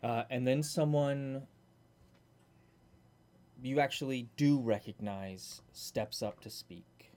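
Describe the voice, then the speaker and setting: A man narrating scenes of a tabletop game in a measured, descriptive way. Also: medium pitch, darkish tone.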